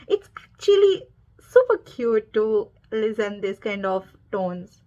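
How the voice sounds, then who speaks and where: A woman explains dialect examples in a chatty, hesitant way, now and then getting excited. Her voice is on the higher side. The recording sounds dull and lo-fi. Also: normal speed. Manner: chatty, hesitant, with bursts of enthusiasm. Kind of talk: casual explainer.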